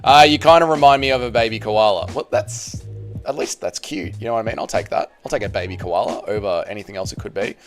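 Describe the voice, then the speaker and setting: A man's voice: on the low side, quick pace, faint music behind. An Australian man hosting a casual fight-sports livestream, reading viewer comments aloud in a chatty, slangy, jokey way. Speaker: MMA channel livestream host.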